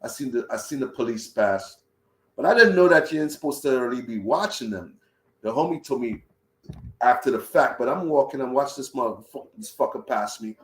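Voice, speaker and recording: A young man tells a travel story in loose, profane talk at a middle pitch. He acts out his own reactions along the way. The recording has a roomy echo. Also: a little fast. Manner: profane, animated retelling with voiced reactions. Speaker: travel vlogger. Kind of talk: casual storytelling.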